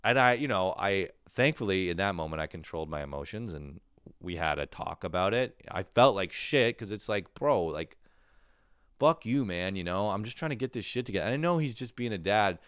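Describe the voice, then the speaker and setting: A man's voice: low voice, lively intonation, brisk, fairly bright tone, clear, resonant tone, no echo, clean studio sound. A young man delivering a casual comedic monologue, rambling and exasperated, swearing as he rants. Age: young adult. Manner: profane, rambling, exasperated ranting. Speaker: comedian podcast host.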